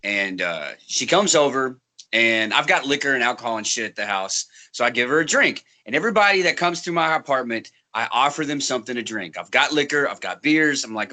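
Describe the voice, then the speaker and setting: A man's voice: medium pitch, animated, a little fast, sharp tone. A man co-hosting a podcast, chatting casually, laughing often and swearing as he tells a story. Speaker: podcast co-host.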